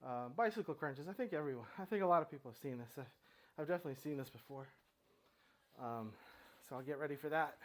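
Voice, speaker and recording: A middle-aged man at home, talking himself through a core workout with halting restarts and breathless pauses between sets. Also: a little high. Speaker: fitness vlogger. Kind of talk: casual workout narration. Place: home room with his dogs.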